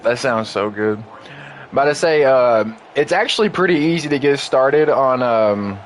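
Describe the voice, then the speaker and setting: A man at his home streaming setup talks casually over a football game, drifting through loose, filler-heavy asides at an ordinary middle pitch. A light hum of background noise sits under his voice. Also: animated, moderate pace. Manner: rambling, filler-heavy, friendly asides to viewers. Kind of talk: casual gaming stream chat. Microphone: desk mic in a home streaming room.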